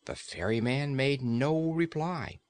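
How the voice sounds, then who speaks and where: A man narrating a classic fairy-tale audiobook in a steady, expressive storytelling way. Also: medium pitch, slow pace, no room sound.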